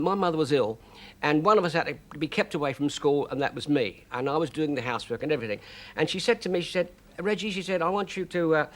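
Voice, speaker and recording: A man's voice: fairly high pitch, a bit bright. A man telling a childhood story on a chat show, chatty and full of little fillers. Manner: chatty, lots of "you see", hesitant fillers. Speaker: guest storyteller.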